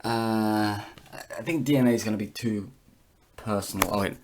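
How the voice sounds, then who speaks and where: A man talking casually to camera in a vlog, rambling and halting with many fillers and restarts as he reads through results on screen. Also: on the low side, fairly even intonation, darkish tone. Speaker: vlogger.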